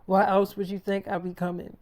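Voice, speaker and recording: A man voicing an affectionate young woman on the phone, soft and coaxing, within his own story. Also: sits high, completely flat delivery, a little fast, close to an everyday voice.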